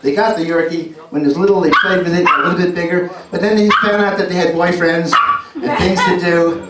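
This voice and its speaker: A man's voice: high voice, fairly even intonation, fairly quick. A man with a New York accent performing a live dog trick show, chatting to the audience and cueing his dogs. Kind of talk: live stage show with commentary. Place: indoor venue with an audience. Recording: roomy live hall audio from far off with loud noise.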